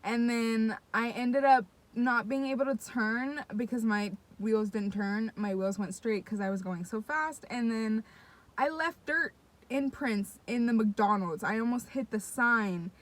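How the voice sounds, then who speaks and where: A young woman tells a story straight to her viewers with a voice that sits a little on the high side. Her casual chat is excitable and full of swearing, and she keeps speaking directly to the audience. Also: unhurried. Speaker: vlogger.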